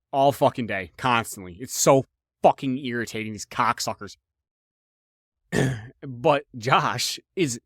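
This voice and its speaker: A young male podcast host tells stories in a casual, comedic way, swearing heavily, repeating himself, and restarting sentences with lots of animation. His mid-range voice comes through a dry, studio-quality recording.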